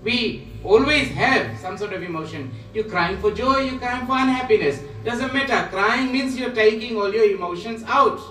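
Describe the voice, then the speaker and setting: A man speaking as a guru, giving a spiritual talk in slow, repetitive, emphatic phrases. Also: very high-pitched, bright, forceful tone, slight background noise. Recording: roomy echo, voice from a distance.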